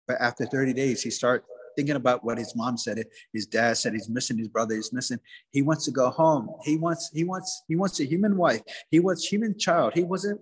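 A man's voice: fairly high pitch, husky, big-room sound. A man telling a traditional folktale with rhythmic, repetitive phrasing. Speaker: storyteller, museum director.

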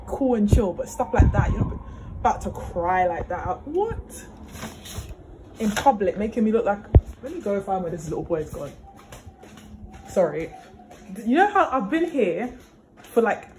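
A young woman vents in disbelief. She talks into a phone in a slangy, fired-up way. Steady hiss and clutter hang under her voice. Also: mid-range voice. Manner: exasperated, incredulous, slangy. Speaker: vlogger. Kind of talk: casual ranting vlog. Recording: noisy phone recording.

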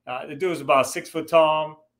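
A middle-aged man tells a personal story straight to his viewers. His voice has a bright, forward edge. He rambles and circles back, leaning on "you know" and restarting sentences as he goes. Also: fairly high pitch, fairly even intonation, moderate pace. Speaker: show host, Marine veteran.

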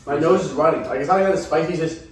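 A man's voice: on the high side, racing. A young man chatting and joking with friends while eating wings on camera, laughing often. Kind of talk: casual group chat while eating. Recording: echoey room from far off, loud noise.

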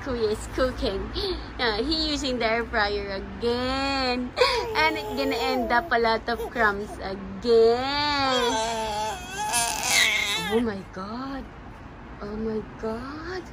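A woman's voice: a little high, takes it slowly. A woman with a Filipino accent, filming a casual family vlog outdoors in front of her house and chatting in playful baby talk. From Philippines. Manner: playful, sing-song, mixes Tagalog and English. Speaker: family vlogger, mother. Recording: noisy windy outdoor recording.

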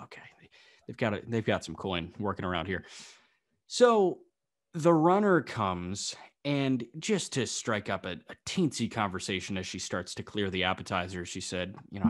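A man co-hosting a podcast, telling an anecdote in a casual, animated and exasperated way. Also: on the low side. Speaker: podcast co-host. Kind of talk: casual chat.

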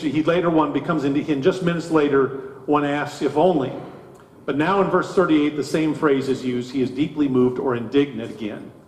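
A man preaching a sermon as pastor, slow and deliberate, with emphatic rises in his delivery. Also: fairly high pitch. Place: church sanctuary. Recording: echoey church hall.

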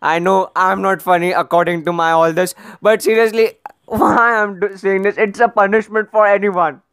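A man's voice: high-pitched, fairly even intonation, normal speed, fairly bright tone, smooth, no echo, studio quality. A man doing comedic roast commentary on video clips, sarcastic and rambling, often pleading in exasperation.

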